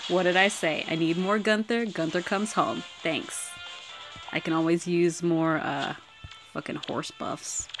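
A woman giving casual commentary while pulling characters in a mobile game, excitable and swearing freely, swinging from squeals to mutters. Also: fairly low pitch, slow pace, soft background music. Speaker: mobile game summoning vlogger.

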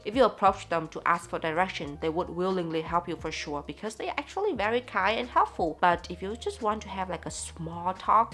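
A woman from Vietnam with a Vietnamese accent, talking casually in a vlog, chatty and lively and often laughing. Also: lowish voice. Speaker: vlogger.

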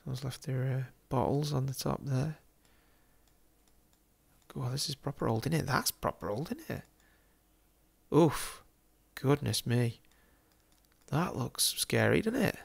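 Gravelly, chatty Englishman. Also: mid-range voice, expressive, measured pace, pauses often. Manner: chatty and amused, laughs often, jokey asides. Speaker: football game YouTuber. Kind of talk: casual commentary over a virtual street tour.

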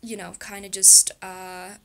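A young woman in a casual vlog, talking softly and reflectively, with frequent laughs and a gentle self-soothing manner. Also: medium pitch, level tone, a little slow. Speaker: YouTuber.

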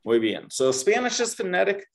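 In a beginner Spanish class, a man with a high-pitched, gravelly, sing-song voice teaches at normal speed. He's upbeat, leading his students through call-and-repeat drills.

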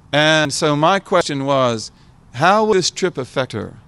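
A man's voice: on the high side, animated, a little slow, a bit bright, smooth, no echo. A man in his seventies from the United States, speaking to an audience as a guest scholar, reflective and repeating phrases for emphasis. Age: 70s. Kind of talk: informal talk to an audience.

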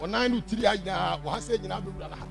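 A man with a Ghanaian accent preaching a sermon in a sing-song style, swinging from shouts to murmurs. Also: high voice, racing, vocal fry, music in the background.

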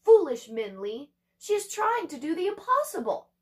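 A chorus of startled village neighbors tossing out exclaimed questions and scolding remarks, voiced by a woman. The voice jumps up and down in pitch with every exclamation. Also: sing-song, moderate pace. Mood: alarmed. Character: gossiping, alarmed villagers.

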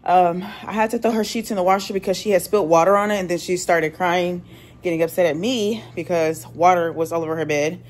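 This young woman's voice sits on the low side, steady and fairly quick. She's a work-from-home single mom talking frankly to her phone in a laid-back vlog, cursing occasionally while at home in the laundry room and around the house.

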